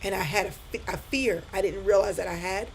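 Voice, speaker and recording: A woman's voice: medium pitch, brisk, slight background noise, poor audio. A middle-aged woman giving a live-stream pep talk to viewers, repeating her points with emphasis and speaking straight to them.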